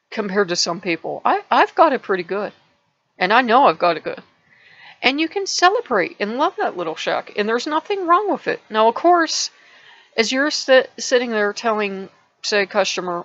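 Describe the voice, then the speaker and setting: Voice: medium pitch, big pitch swings, moderate pace, a bit bright, dull audio. A channel host telling a parable in a casual vlog, rambling and restarting words often.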